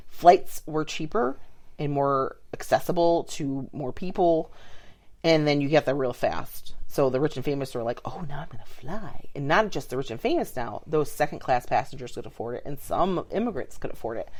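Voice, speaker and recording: A woman's voice: low-pitched, lively intonation, moderate pace, darkish tone. A woman co-hosting a podcast, telling a story in casual chat with lots of "like" and "um". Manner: chatty, filler-heavy storytelling with many "like" and "um". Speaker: podcast co-host.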